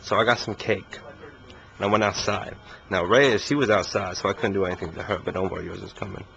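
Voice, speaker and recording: A man's voice: low-pitched, fairly even intonation, fast talker, creaky, fairly bright tone. A young man telling a story in a casual interview, laid-back and dryly humorous. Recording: muffled recording with faint hiss.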